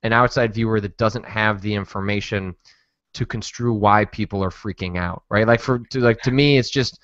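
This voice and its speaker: A man's voice: on the low side, moderate pace, a bit bright, no room sound, muffled recording. Rambling male podcast host, dry sound. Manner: rambling, hesitant, lots of restarts. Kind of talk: casual chat.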